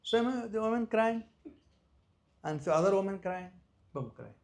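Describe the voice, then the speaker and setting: A man with an Indian accent giving a devotional lecture, telling a story with loud stresses and soft drops and nonstandard English grammar. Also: high voice, lively intonation, measured pace, gravelly. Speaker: visiting speaker at a temple.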